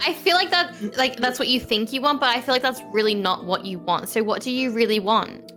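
A woman's voice: a little high, a little fast, over loud music. A woman playing a tabletop game, teasing and full of "like". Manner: teasing, lots of "like". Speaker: player. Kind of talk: casual tabletop game chat.

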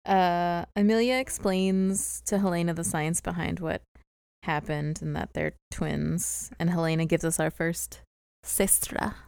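A woman with a lowish voice co-hosts a laid-back recap podcast, chatting through a TV episode and breaking into giggles often. The sound is dry and close, with no room around it. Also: steady tone, unhurried, vocal fry, darkish tone, clear, resonant tone, dry recording. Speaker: podcast co-host. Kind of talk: casual TV episode recap chat.

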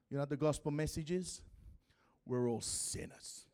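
A man preaching a sermon with an accent, swinging between loud shouting and hushed, dramatic passages. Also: on the high side, normal speed, creaky, dry recording, studio quality. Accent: non-American.

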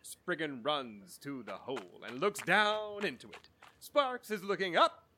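Comic male narrator, high lively voice, sarcastic asides, noisy background. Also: measured pace. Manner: breaks up laughing, mock-sarcastic asides.

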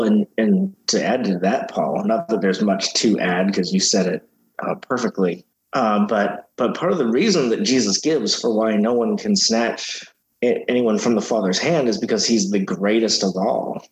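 Measured lower-voiced man on a podcast. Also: low-quality recording. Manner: measured, uses everyday analogies. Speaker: podcast co-host. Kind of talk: casual theological discussion.

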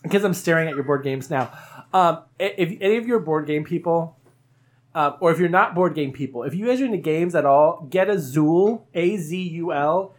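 A woman hosting a podcast, chatting and laughing with friends in a rambling, animated way. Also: deep voice, normal speed. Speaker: podcast host. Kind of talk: casual chat with friends.

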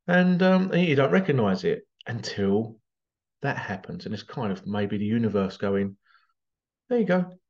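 A man's voice: lowish voice, normal speed. Man telling a story, muffled audio. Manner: animated, conversational, acts out quotes. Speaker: vlogger. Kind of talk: casual storytelling monologue.

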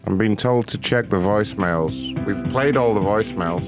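A man's voice: fairly low pitch, normal speed. British guy streaming prank calls, sweary and mocking, medium voice, bit of music behind. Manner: profane, mocking, excitable. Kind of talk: casual live-stream chat.

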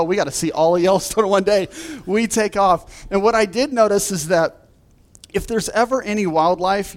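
Male pastor, lively storytelling sermon, raised pitch, chuckles easily. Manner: animated storyteller, laughs through his anecdotes. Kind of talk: sermon with a humorous personal story.

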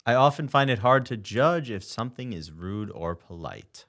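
Lively, questioning young man. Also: lowish voice, normal speed. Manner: asks pointed questions, dry teasing. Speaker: podcast co-host. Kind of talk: casual chat.

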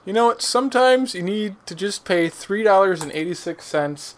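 A man's voice: high-pitched, expressive, moderate pace, fairly bright tone. A man co-hosting a casual podcast, talking loosely and bluntly while drinking beer. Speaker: podcast co-host.

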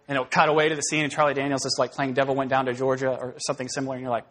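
A man preaching an expository sermon in a conversational, animated way, rising into emphatic bursts. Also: medium pitch, rapid-fire, few pauses. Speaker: pastor.

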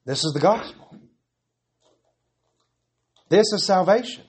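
Male pastor, earnest repetitive sermon delivery, slightly high pitch. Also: lively intonation, slow, slightly rough. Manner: earnest, pleading, repetitive emphasis.

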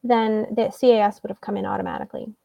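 Gravelly-voiced woman telling her story. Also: medium pitch, fairly even intonation, fast talker, recorded from a distance, lo-fi sound, a crowd in the background. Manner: retells events by acting out quoted dialogue. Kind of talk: conversational storytelling.

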